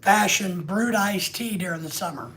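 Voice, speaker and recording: A man's voice: high-pitched, moderate pace, a bit bright. A man hosting a live stream, rambling and joking casually with crude asides.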